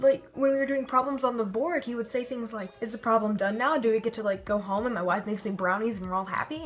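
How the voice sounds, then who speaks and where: A woman's voice: fairly high pitch, steady tone, brisk, few pauses. A young woman vlogger telling stories casually, rambling and interrupting herself as she acts out quotes. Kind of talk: casual storytelling vlog.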